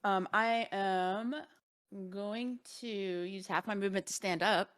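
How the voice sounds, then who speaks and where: Woman, tabletop player, casual, mid-pitched, reads rules aloud. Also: fairly even intonation, slow, a bit bright, clean tone.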